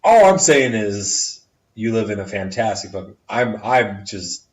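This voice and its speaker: A man's voice: on the low side, big pitch swings, measured pace. A man in a casual podcast chat, giving frank, candid advice to a friend and swearing freely. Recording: roomy, distant, dull lo-fi audio.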